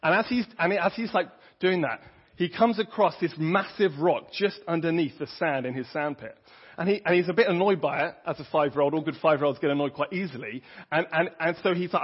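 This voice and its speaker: A man's voice: on the high side, a little fast, breathy edge. A man preaching a sermon in an earnest, conversational way, often restarting his sentences. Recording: dull lo-fi audio.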